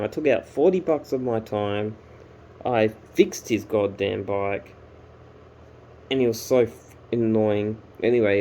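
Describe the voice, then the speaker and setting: A man's voice: lowish voice, gravelly, dark tone, a little hiss or hum, rough recording. A man ranting casually and swearing as he tells a story to camera. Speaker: vlogger.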